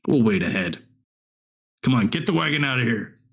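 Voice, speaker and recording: A man's voice: mid-range voice, very animated, moderate pace. A man voicing a large male half-orc who gives curt orders. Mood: gruff. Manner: curt, commanding. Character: big gruff male half-orc brute.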